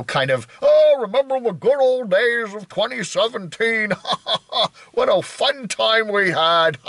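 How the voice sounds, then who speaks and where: Bright-voiced rambling American YouTuber man. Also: a little high, no room sound. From United States. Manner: rambling, self-deprecating, restarts. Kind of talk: rambling solo talk.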